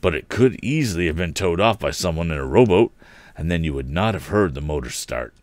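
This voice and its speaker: A man's voice: low voice, animated, a little fast, a little mellow, no echo. A man reading a storybook aloud, voicing a blunt, confident middle-aged male engineer in a firm, matter-of-fact way.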